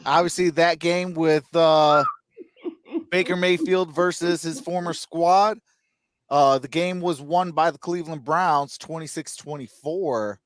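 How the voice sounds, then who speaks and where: A man's voice: fairly high pitch, steady tone, a little slow, no room sound. A man hosting a casual sports chat with a slightly raised voice, talking in a loose, rambling way full of "uh" and "you know." His voice sounds dry and close to the mic. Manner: rambling, many fillers, laughs at own jokes. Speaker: host.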